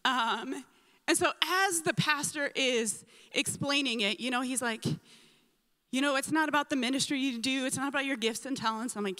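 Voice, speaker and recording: Bright, high-voiced woman giving church testimony. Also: moderate pace. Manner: animated storyteller, acts out her own reactions and quotes. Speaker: church member sharing a testimony. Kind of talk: mission trip testimony to a congregation. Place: church sanctuary. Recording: long hall reverb in a church.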